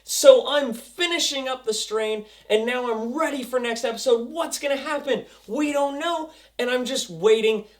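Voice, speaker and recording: Excitable young man reviewing a TV show. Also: very high voice, normal speed, hardly any pauses. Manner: excitable, acts out scenes with sound effects. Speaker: TV episode reviewer. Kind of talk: casual video review.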